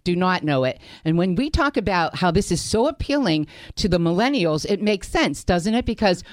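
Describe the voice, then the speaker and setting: A woman's voice: on the low side, animated, normal speed, no room sound. Brief: American woman, emphatic radio guest, dry studio sound. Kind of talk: casual talk radio banter.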